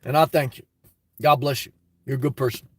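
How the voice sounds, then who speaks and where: A man hosting a livestream from inside his car, reading out viewer comments and answering bluntly, often breaking into loud, laughing rants. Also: mid-range voice, fairly even intonation, fairly quick, noisy background. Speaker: livestream host. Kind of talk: live-stream chat reading.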